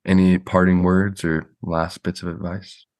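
Deep, mellow-voiced male host. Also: a little slow, no room sound, studio quality. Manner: relaxed, uses many fillers like "like". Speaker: podcast host. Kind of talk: casual interview chat.

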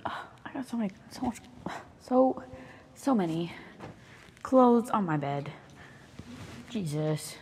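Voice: medium pitch, lively intonation, slow pace, pauses often, a little mellow, big-room sound, slight background noise. A young speaker in their twenties with a Southern US accent, rambling casually and swearing often while moving around their bedroom. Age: 20s. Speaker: vlogger.

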